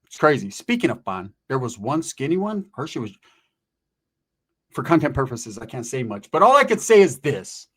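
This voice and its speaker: A man's voice: mid-range voice, big pitch swings, normal speed, breathy edge. A man telling a story in casual, profane street slang, constantly checking in with "right?".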